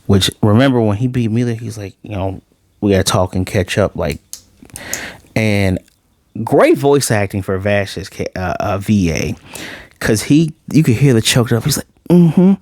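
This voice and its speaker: Man, anime reviewer, casual chatty retelling, lots of "like", lowish voice, dry close sound. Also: dry recording. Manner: animated retelling with lots of "like" and quick restarts.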